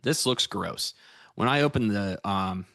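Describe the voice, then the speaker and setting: Easygoing American man, low voice. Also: unhurried, creaky, fairly bright tone, dry recording, clean studio sound. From United States. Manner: rambling and easygoing, chatting with viewers. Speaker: futures trader streaming live. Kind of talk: casual livestream chat and trade review.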